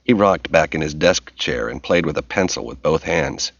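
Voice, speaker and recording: A man narrating an audiobook in a steady, measured reading voice. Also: rumbling low, gravelly, husky, dry recording. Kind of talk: scripted narration. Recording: dull lo-fi recording.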